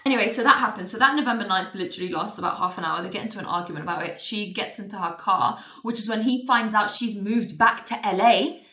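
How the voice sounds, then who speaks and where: A woman's voice: mid-range voice, animated, bright, forceful tone. A young adult woman casually reviewing a book, exasperated and sarcastic, swearing freely and racing through plot recaps with lots of "like". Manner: rapid plot recap with filler "like". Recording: roomy echo.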